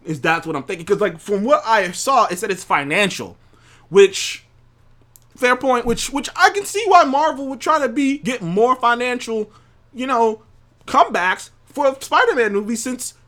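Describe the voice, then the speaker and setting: A man's voice: very high voice, animated, normal speed, a bit bright. A man hosting a show, ranting angrily and profanely into a studio mic, with many restarts. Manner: angry, profane, rambling with restarts. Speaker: show host. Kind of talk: heated opinion rant.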